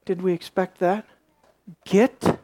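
A preacher giving a sermon, reading scripture aloud and asking the congregation questions, dropping into soft low asides and rising into sharp emphasis. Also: moderate pace. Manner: reads scripture aloud and asks the listeners questions.

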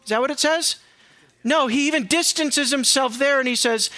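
A man preaching a sermon in a church, emphatic and questioning his listeners, sometimes dropping to a quiet, low tone. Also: moderate pace, dry recording. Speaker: pastor. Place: church sanctuary.

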